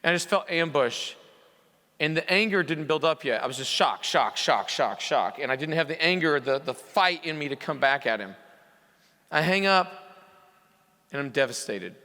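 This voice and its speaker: A man's voice: on the high side, lively intonation, normal speed, pushed and bright. Impassioned man speaking in a reverberant hall. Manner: impassioned, rising into emphatic peaks. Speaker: coach speaking to repair shop owners. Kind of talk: motivational speech to a live audience. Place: conference hall. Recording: hall reverb from a live venue.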